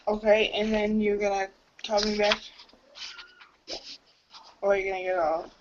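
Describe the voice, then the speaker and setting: Woman saying short yeahs, slow and flat, muffled noisy mic. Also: mid-range voice. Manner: short agreeing replies. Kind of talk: casual chat. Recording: dull lo-fi mic with clear noise.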